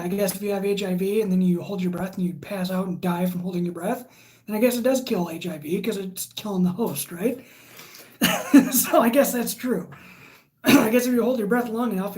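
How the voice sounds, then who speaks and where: A woman's voice: medium pitch, a little mellow. A woman hosting a casual livestream, reading viewer comments aloud and chatting in a rambling way. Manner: chatty and rambling, with frequent fillers. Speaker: livestream host.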